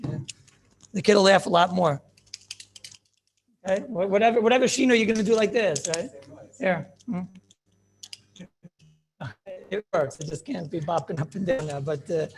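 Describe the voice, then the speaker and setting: High gravelly rabbi teaching a class. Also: male voice, slight background noise. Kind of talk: informal Torah class. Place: classroom with students.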